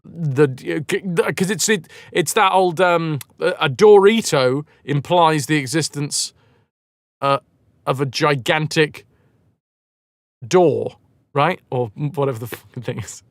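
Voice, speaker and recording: A man's voice: fairly high pitch, a little slow, dry recording. A man live-streaming a game, chatting casually with viewers in a rambling, self-mocking way and swearing freely.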